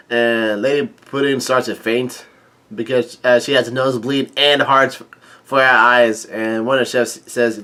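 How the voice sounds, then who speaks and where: A man reading a manga chapter aloud in a casual, halting way, with many fillers and restarts, voicing the lines and adding his own comments. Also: medium pitch, fairly even intonation, pushed and bright. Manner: reads dialogue aloud with light commentary. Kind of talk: casual manga read-through.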